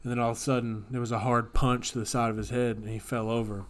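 A man's voice: mid-range voice, fast. A man co-hosting a podcast, telling absurd made-up stories with a straight face in casual chat. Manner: deadpan, straight-faced storytelling of absurd tales. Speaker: podcast co-host.

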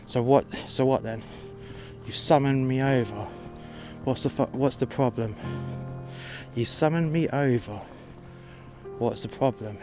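A man's voice: mid-range voice, steady tone, unhurried, a little mellow, soft background music. A man telling a story about his job in a blunt, sweary and exasperated way. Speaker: podcast host telling work stories. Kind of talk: casual storytelling monologue.

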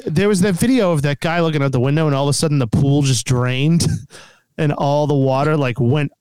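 Man, podcast co-host, rambling storyteller, smooth resonant voice, dry close mic. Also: a little high, a little fast, darkish tone, no room sound. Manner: rambling storyteller, filler-heavy, laughs often. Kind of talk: casual chat.

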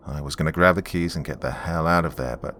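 A man narrating a horror story in a measured, grim storytelling manner. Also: extremely low pitch, a bit bright, a little hiss or hum.

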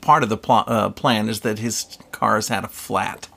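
A podcast co-host making wry, halting remarks about a book, with frequent restarts. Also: medium pitch, fairly even intonation, vocal fry, fairly bright tone. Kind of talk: casual book discussion chat.

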